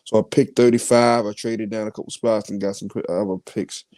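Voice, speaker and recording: A man hosting a podcast, reading out his mock draft picks in a casual, halting way with many fillers. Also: fairly low pitch, steady tone, dark tone, no echo. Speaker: podcast host.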